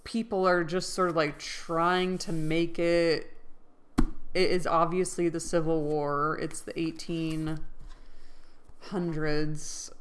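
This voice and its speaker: Woman, low voice, unhurried delivery, casual book vlog, wonders aloud, self-deprecating. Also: level tone, clear, resonant tone. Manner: musing aloud, questioning herself. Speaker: book vlogger. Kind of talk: casual chat.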